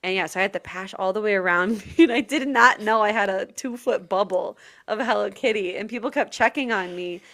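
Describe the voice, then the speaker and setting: A woman's voice: mid-range voice, brisk, hardly any pauses, a bit bright. A young woman co-hosting a casual podcast chat, joking about herself in a playful way and laughing often. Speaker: podcast co-host.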